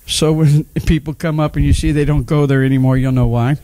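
A man's voice: a little high, steady tone, a little fast, mellow, a little hiss or hum. A middle-aged man preaching a sermon as pastor, sharing his own testimony and calling on the congregation to respond. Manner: personal testimony, emphatic, calls on the congregation.

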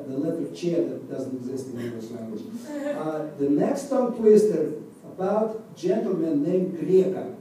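A man from Russia with a Russian accent, whose first language is Russian, talks with light humor to a live audience as a balalaika musician, reciting tongue twisters slowly and carefully. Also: a little high, dark tone, distant mic. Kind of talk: live talk to an audience between songs. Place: large echoey university room. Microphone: far room microphone. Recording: echoey room recorded from afar with faint noise.

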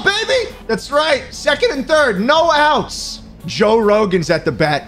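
Young male streamer, higher voice, wildly animated, crude jokes, faint music under him. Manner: excitable, yells at the game, crude jokes. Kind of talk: gameplay commentary.

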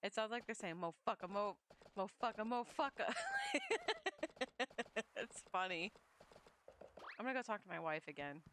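Brief: young woman streamer, lively pitch, casual and swearing. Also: unhurried, pauses often, slight background noise. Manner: chatty, swearing, laughs, reads game lines aloud. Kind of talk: casual gameplay chat.

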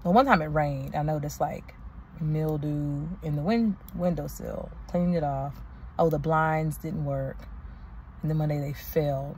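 A woman's voice: low voice, vocal fry, warm tone, slight background noise. A young woman vlogging and telling a story in a casual, exasperated way, venting with slang. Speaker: doctoral student vlogger.

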